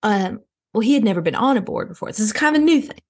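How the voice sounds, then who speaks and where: A woman's voice: medium pitch, lively intonation, fast, background noise. A woman hosting a comedy chat, telling a rambling, gossipy story and mocking the people in it.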